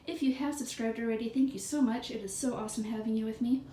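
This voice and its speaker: A woman's voice: fairly high pitch, fairly even intonation, fast talker, warm tone. A woman chatting to her viewers in a bubbly, jokey way while out of breath, filming her bedroom on a handheld phone. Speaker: vlogger. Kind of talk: casual chat to viewers. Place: bedroom indoors. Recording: echoey room, faint ambient noise.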